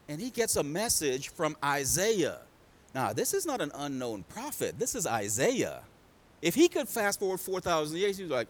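A man preaching a sermon in a dramatic, call-and-response style that swings from loud to hushed. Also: on the high side, wildly swooping pitch, moderate pace.

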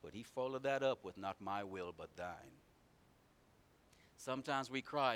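A man preaching a sermon, swinging from loud emphatic runs to low quiet asides in a repetitive preaching cadence. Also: animated, unhurried, pauses often.

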